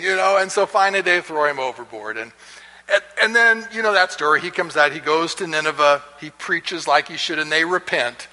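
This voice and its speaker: A man's voice: a little high, brisk, sharp tone. A man teaching a Bible class in a chatty, storytelling way, chuckling and restarting often, in an echoey hall. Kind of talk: casual lecture with storytelling.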